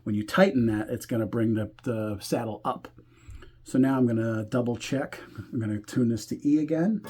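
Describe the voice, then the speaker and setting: A man walking through a guitar setup step by step, talking in a relaxed way while he works and thinking aloud as he goes. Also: mid-range voice, moderate pace. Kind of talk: hands-on tutorial explanation.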